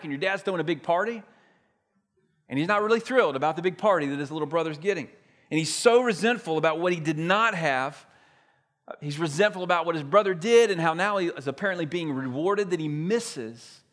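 A man's voice: a little high, a bit bright. A man preaching a sermon as a pastor, retelling a story in a conversational, emphatic way.

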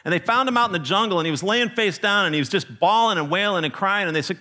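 A man preaching a sermon as a missionary, telling stories with animated emphasis and frequent restarts. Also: high voice, fast talker, few pauses. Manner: animated storytelling with restarts, rising to emphatic peaks.

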